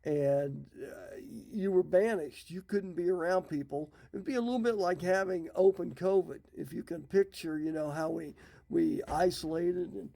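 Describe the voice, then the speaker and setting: Middle-aged guy, folksy bible storytelling, gravelly voice, sits a bit high. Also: moderate pace, warm tone. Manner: folksy, retells scripture in his own words. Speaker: Bible teacher.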